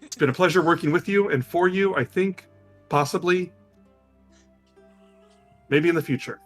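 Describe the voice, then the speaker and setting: A surly little gnome cook, as a game master puts him on, snapping short lines and brushing everyone off. He swears freely and wants no part in anything. Soft music plays faintly underneath. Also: on the high side, normal speed, voice pushed up, lightly acted. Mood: grumbling. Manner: curt, swearing, dismissive.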